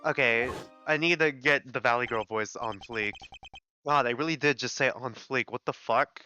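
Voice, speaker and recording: A man giving casual, excited commentary on a game playthrough, with quick, profane asides. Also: medium pitch, dull audio, faint music behind. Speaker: gameplay streamer.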